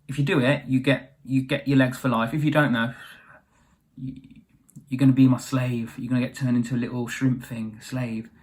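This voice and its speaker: A man's voice: mid-range voice, flat delivery, normal speed, darkish tone, natural voice. A man voicing a female octopus sea witch who rambles through a bargain in an offhand way. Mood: scheming. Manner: offhand, rambling deal-making.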